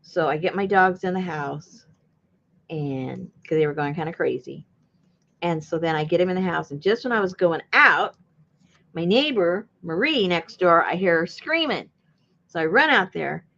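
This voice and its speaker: A woman's voice: fairly low pitch, lively intonation, normal speed, gravelly, fairly bright tone, highs cut off. A woman chatting casually while she crafts. She tells a long rambling story, laughs often and acts out what people said. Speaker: junk journal crafter and channel host.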